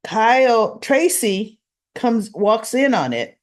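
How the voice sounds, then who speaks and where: Slow-talking woman recapping a soap. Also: on the high side. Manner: animated, acts out characters' lines in quotes. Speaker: soap opera recap host. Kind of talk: casual recap monologue.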